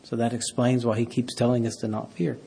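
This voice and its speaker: Husky-voiced man preaching a sermon. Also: medium pitch, flat delivery, fairly quick. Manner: reads scripture aloud, rising loud on key words. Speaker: pastor.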